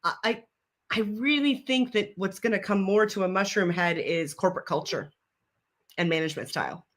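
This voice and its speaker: A woman's voice: medium pitch, moderate pace. Thoughtful woman guest. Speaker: guest expert. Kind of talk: casual video-call chat.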